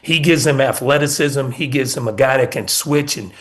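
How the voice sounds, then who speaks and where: Guesting on a sports radio interview, a middle-aged man who used to be a college basketball assistant coach recalls past seasons earnestly, with a mid-range voice at moderate pace. He stresses key points by repeating them and constructs his answers in steady runs.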